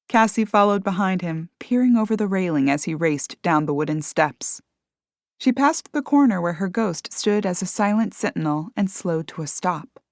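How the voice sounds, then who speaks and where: A woman narrating an audiobook in a measured, expressive way. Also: lowish voice, no echo, clean studio sound. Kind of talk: scripted narration.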